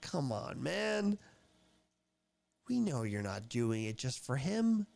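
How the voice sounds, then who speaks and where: A man's voice: mid-range voice, very animated, slow, creaky, a little mellow. A man streaming his reactions to videos, talking in an emotional, rambling way with lots of swearing. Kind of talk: casual reaction livestream.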